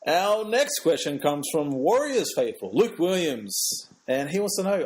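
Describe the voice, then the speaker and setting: A man's voice: a little high, sing-song, a little slow, few pauses, a little mellow, slight background noise. A man hosting a podcast, reading listener questions and teasing his co-hosts with a giggly manner. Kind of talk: casual chat.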